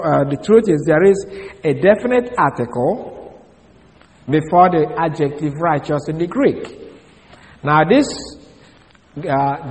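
Male Bible teacher, slightly high voice, deliberate and methodical, spells out terms, long hall reverb. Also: darkish tone. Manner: deliberate, explains step by step, spells out words letter by letter. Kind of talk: Bible study lecture.

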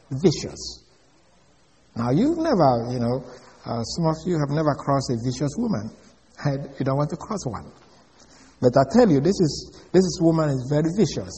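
A man with a somewhat high, dark-toned voice delivers an emphatic sermon, frequently posing questions to his listeners. The audio has the echo of a hall.

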